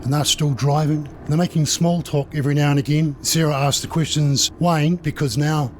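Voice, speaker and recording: A man's voice: a little high, steady tone, brisk, slight background noise. A man, host of a true crime channel, narrating casually and acting out dialogue. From New Zealand. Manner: conversational, dramatizing, acting out dialogue.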